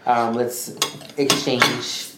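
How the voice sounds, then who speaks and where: A man co-hosting a podcast, telling a story in a rambling, animated way and acting out what others said. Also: medium pitch, extremely slow. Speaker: podcast co-host. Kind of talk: casual storytelling chat. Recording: echoey room with faint noise.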